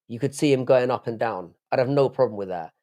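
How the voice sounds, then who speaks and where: A British man with a mellow, medium-pitched voice talks fast as he hosts a late-night live stream. He rambles casually, curses frequently, and reads chat messages aloud to respond.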